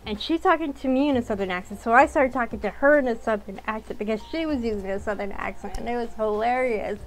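A woman's voice: on the high side, quick pace, a little hiss or hum, low-quality recording. A young woman chatting casually while playing a story game, rambling along with frequent ums. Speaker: game streamer.

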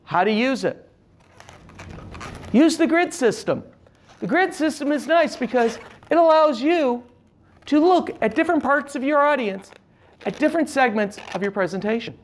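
Male presenter coaching public speaking, lively pitch swings, emphatic instructional delivery. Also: normal speed, pauses often, a little hiss or hum. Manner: animated, emphatic delivery with shifting inflection; demonstrates with hand gestures. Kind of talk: instructional talk to camera.

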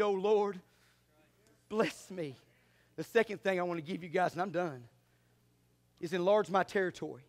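A man preaching a sermon, animated, moving between quiet asides and loud shouts. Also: sits high, normal speed, long pauses. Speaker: pastor.

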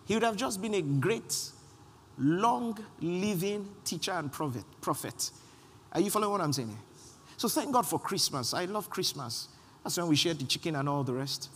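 A man's voice: sits high, animated, normal speed, a bit bright, in a large hall, a little hiss or hum. A man preaching a sermon as pastor, calling on the congregation to repeat lines after him and repeating his points for emphasis. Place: church sanctuary.

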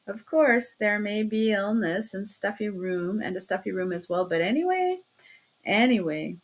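A woman reading a classic novel aloud as an audiobook, with expressive, shifting emphasis. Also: medium pitch. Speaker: audiobook reader.

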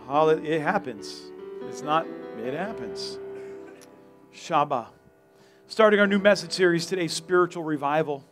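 Joking pastor preaching over soft guitar. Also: male voice, fairly high pitch, measured pace, long pauses. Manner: casual, joking, energetic preacher. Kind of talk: sermon. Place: church sanctuary.

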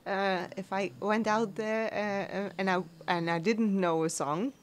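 A woman's voice: medium pitch, steady tone, unhurried, slight background noise. A woman co-hosting a casual talk show who recalls stories with fillers and frequent laughs. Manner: chatty, laughs often. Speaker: co-host. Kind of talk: casual chat.

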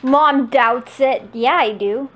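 A woman's voice: sits high, takes it slowly, fairly bright tone, a little hiss or hum. A young woman vlogging on a handheld camera, chatting casually and cooing in baby talk to her pets. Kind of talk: casual handheld vlog chat.

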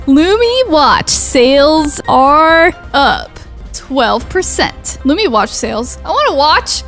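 A young woman hosting a video game let's-play, gushing excitedly with lots of "oh my gosh" and "like". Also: very high voice. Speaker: gaming YouTuber host.

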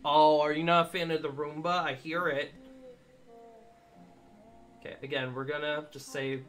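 A man's voice: a little high, little pitch movement, normal speed, fairly bright tone. A man streaming a game live, chatting casually with viewers and cooing at his dog in baby talk. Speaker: livestreamer.

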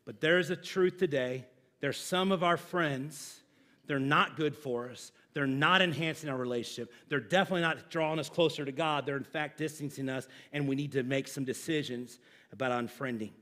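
A man's voice: a little high, normal speed, bright, forceful tone. A middle-aged man, a pastor, preaching a sermon in a church with a humorous, conversational storytelling manner.

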